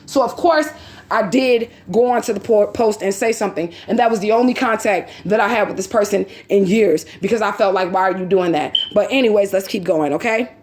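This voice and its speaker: A woman's voice: mid-range voice, fairly quick, roomy sound, slight background noise. A woman in her forties telling a story to her viewers and reading out messages, blunt and heated, swearing and asking repeated rhetorical questions. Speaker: vlogger.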